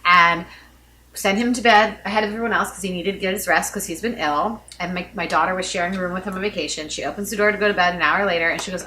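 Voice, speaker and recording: A woman in her thirties co-hosting a casual chat, telling stories in an animated, dramatic way. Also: fairly low pitch, fast talker, a little hiss or hum. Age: 30s. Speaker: podcast co-host.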